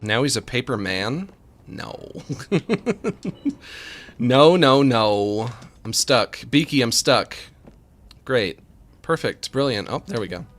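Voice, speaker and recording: A man in the middle of his pitch range chats loosely through a co-op game. He jokes around and talks to his partner as he plays. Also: animated, measured pace, a bit bright, a little hiss or hum. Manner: joking, talks to his co-op partner while playing. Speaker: game streamer. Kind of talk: casual let's-play chatter.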